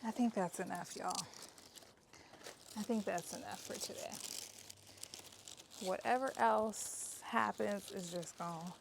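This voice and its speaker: A worn-out woman talks to her viewers while she works outdoors in her garden, her voice gravelly and slow, with a faint hiss of background noise. She is chatty and excitable and a little out of breath. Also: mid-range voice. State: tired, out of breath. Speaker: gardening vlogger. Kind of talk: casual chat while harvesting.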